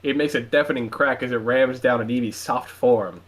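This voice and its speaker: A man's voice: mid-range voice, fairly even intonation, normal speed. A man reading a fan-written story aloud on his show with dramatic storytelling.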